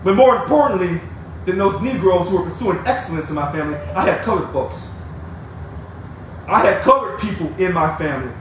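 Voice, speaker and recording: Angry and fired up, a union activist addresses members in a combative, preachy video rant, taunting and calling people out. His voice sits high, animated and a little fast. Sound comes through an echoey, distant mic with faint noise.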